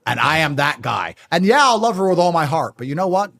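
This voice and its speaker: A man's voice: fairly high pitch, very animated, a little fast, vocal fry, a bit bright. A man speaking as a guest in a podcast conversation, blunt and emphatic in his statements.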